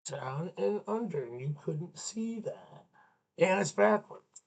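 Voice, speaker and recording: A man's voice: fairly high pitch, lively intonation, takes it slowly, gravelly. A man hosting a children's learning show, leading songs and jokes and bantering playfully with his puppets. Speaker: children's show host and teacher.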